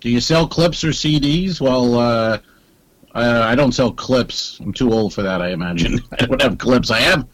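A man's voice: mid-range voice, moderate pace, fairly bright tone, no room sound. Male comedian co-host, casual bantering, dry room sound. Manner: easygoing, mock-indignant banter. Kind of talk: casual chat.

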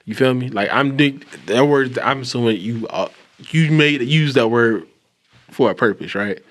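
Brief: male podcast host, mid-pitched, loose storyteller, trips over his words, swears freely. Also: normal speed. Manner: rambling, animated storytelling with restarts and swearing. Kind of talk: casual chat.

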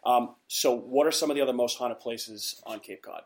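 A man's voice: medium pitch, moderate pace. A man hosting a podcast, asking questions in an easygoing, casual way. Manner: easygoing, frequent fillers and restarts. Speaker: podcast host. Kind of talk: casual interview.

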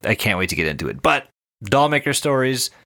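A man co-hosting a podcast in casual chat, excitable and swearing freely. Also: medium pitch, fairly quick. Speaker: podcast co-host.

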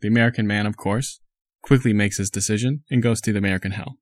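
A man co-hosting a casual chat, telling jokes in a deadpan way. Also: fairly low pitch, fast, no echo.

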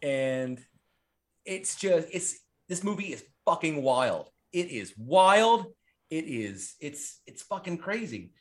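A man's voice: a little high, very animated, takes it slowly. An ordinary-sounding man talks through a horror movie on his podcast. He rambles and swears freely, leaning on plenty of "like"s and "um"s as he goes. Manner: rambling and profane, with many fillers. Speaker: podcast host. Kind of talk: casual horror movie chat.

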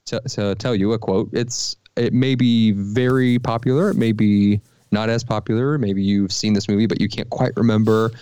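Brief: lower-voiced man hosting a quiz on a call, joking and teasing; dead-dry sound. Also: steady tone, normal speed, hardly any pauses, warm tone, clean tone, dry recording, highs cut off. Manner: playful, teasing, slips into silly voices. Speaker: podcast co-host running a quiz game. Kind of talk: casual chat, quiz hosting. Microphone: remote call.

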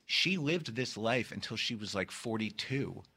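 A man's voice: on the low side, lively intonation, a little slow, gravelly, sharp tone, husky. A man in his fifties hosting a comedy podcast, chatting in a playful, campy way and cracking jokes. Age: 50s. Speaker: podcast host. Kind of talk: casual comedy podcast chat.

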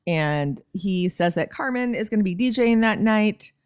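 A woman's voice: medium pitch, expressive, moderate pace, a little mellow, clear, resonant tone, no echo, clean studio sound. A woman co-hosting a podcast, recapping a TV episode in casual, wry chat. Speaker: podcast co-host.

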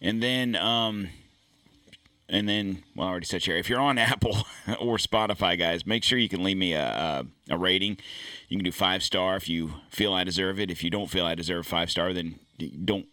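A man's voice: deep voice, moderate pace, bright, forceful tone, dry recording. A middle-aged man hosting his own podcast, chatting casually and rambling with jokes and fillers. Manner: rambling, joking, many fillers. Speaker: podcast host. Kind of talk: casual chat. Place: home studio. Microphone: studio podcast mic.

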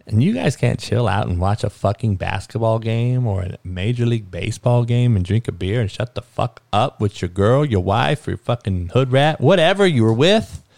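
A man's voice: lowish voice, normal speed, creaky, few pauses, dry recording. Man ranting with constant swearing. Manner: heavy swearing, swings from muttering to loud outbursts. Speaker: podcast host. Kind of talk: profane sports and news rant.

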